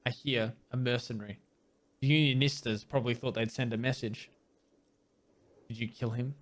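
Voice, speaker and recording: This man's medium-pitched voice keeps a fairly even intonation at a moderate pace. Hosting a let's play, he reads the on-screen dialogue plainly, mixes in wry remarks, and sometimes fumbles hard words.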